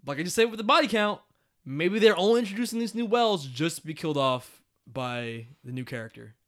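A young man co-hosting a casual chat, animated and blunt, swearing often and laughing a lot. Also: sits high, brisk. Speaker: podcast co-host.

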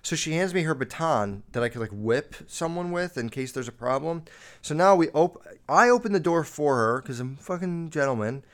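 A man hosting a podcast, telling a story in a rambling, foul-mouthed way, full of "like", his voice jumping up and down as he gets worked up. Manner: rambling, heavy swearing, lots of "like"; animated, jumping up and down in pitch while recounting. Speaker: podcast host. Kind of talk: casual storytelling monologue.

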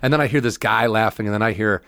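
A man's voice: on the low side, creaky, a bit bright, no room sound, studio quality. A man, a stand-up comedian, telling stories on a podcast in a casual, profane way, often acting out the people in them. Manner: fast, profane, acts out voices in his stories. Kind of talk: casual storytelling chat.

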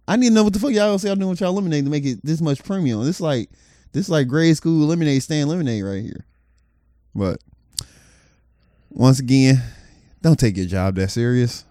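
A man's voice: on the high side, moderate pace, pauses often, dark tone, dry recording, clean studio sound. A man co-hosting a podcast in casual chat, joking and riffing, laughing often. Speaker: podcast co-host.

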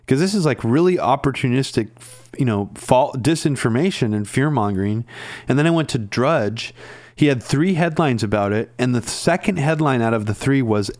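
A man co-hosting a casual political discussion, ranting and exasperated, halting with fillers. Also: medium pitch, expressive, a little mellow, dry recording. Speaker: political commentary co-host.

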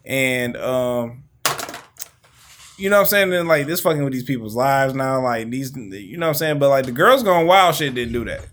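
A man's voice: mid-range voice, normal speed, a bit bright. A man co-hosting a podcast, chatting casually and rambling with lots of fillers and swearing. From Detroit. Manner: rambling, heavy fillers and profanity. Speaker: podcast co-host. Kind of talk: casual chat.

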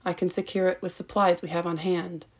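A stubborn, injured woman scientist stranded in the jungle, as a woman reads her lines. She speaks in a tired but insistent way, her voice low-pitched and gravelly with little rise and fall. The storybook feel is plain and unforced. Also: flat delivery, a little fast.

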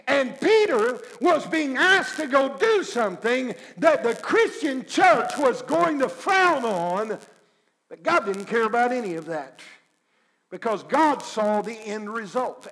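A man preaching a sermon, acting out scripture scenes with sudden swings between loud urging and hushed pleading. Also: sits high, low-quality recording. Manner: dramatic, acts out dialogue with God, swings from loud to hushed.

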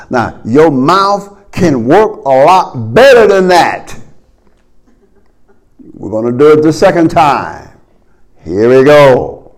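A man preaching a sermon as pastor, swinging between loud calls and low murmurs. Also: big pitch swings, slow, long pauses.

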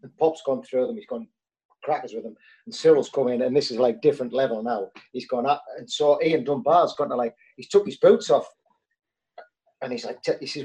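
Man, former footballer, mellow low tone, casual rambling anecdotes. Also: fairly quick, low-quality recording. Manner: rambling anecdotes with many fillers. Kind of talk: casual storytelling chat.

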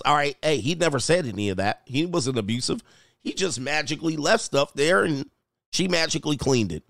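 A man's voice: a little high, animated, moderate pace, gravelly, fairly bright tone, no room sound, clean studio sound. A man hosting his channel as a coach, joking through casual reaction commentary and reading news stories aloud.

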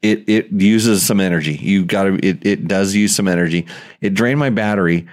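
Male podcast host, lowish voice, rambling and enthusiastic, many restarts. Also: normal speed. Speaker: show host. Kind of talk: casual podcast chat.

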